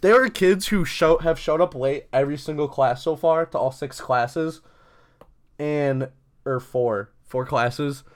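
This is a young man in his twenties, co-hosting a laid-back podcast with a friend. He swears freely and laughs often, and he gets lively whenever he retells a story. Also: fairly high pitch, a little slow. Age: 20s. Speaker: podcast co-host. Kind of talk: casual chat.

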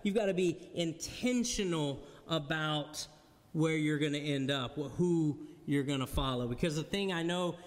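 A man's voice: a little high, moderate pace. A man preaching a sermon to a congregation, conversational and joking with the room. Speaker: pastor. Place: church hall before a congregation. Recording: long hall reverb.

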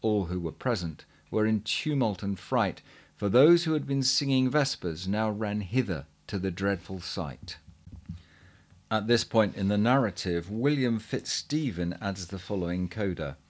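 Low-voiced man reading a chronicle aloud. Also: expressive. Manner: measured, earnest reading with occasional stumbles. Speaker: reader.

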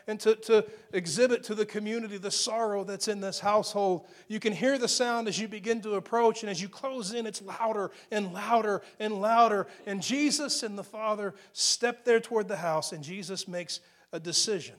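High-voiced man preaching a dramatic sermon. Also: normal speed. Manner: dramatic shifts to hushed, near-whispered scripture quotes; emphatic, builds with repetition.

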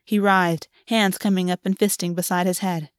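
A woman's voice: lowish voice, fairly even intonation, moderate pace, no room sound. Woman reading a story, dry sound. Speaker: audiobook reader. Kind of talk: reading fan fiction aloud.

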